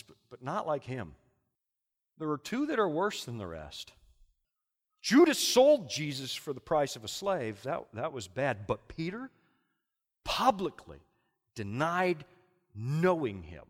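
A man's voice: on the high side, huge pitch swings, takes it slowly, pauses often, big-room sound. A middle-aged man preaching a sermon with dramatic, impassioned storytelling.

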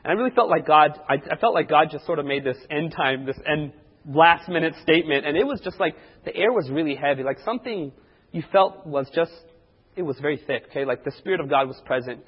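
A man's voice: fairly high pitch, fairly quick, husky. A man preaching, telling a personal testimony and acting out the voices of the people in his story. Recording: dull lo-fi recording in a reverberant hall.

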